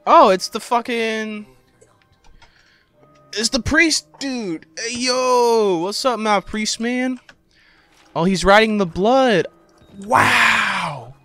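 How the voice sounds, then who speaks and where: High-voiced, unhurried man gaming. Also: no echo, faint music behind. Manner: excitable, profane, breaks into yelling. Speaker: let's play gamer. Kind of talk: casual gameplay commentary.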